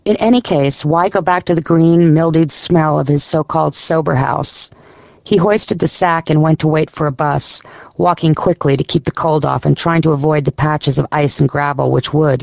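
A man narrating an audiobook story in a measured, descriptive storytelling manner. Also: a little high, creaky, darkish tone, dry recording. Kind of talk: scripted narration.

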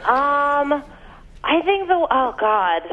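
A woman's voice: high voice, very animated, slow, lo-fi sound, slight background noise. Dry self-deprecating woman comedian. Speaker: comedian guest. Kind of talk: radio interview banter.

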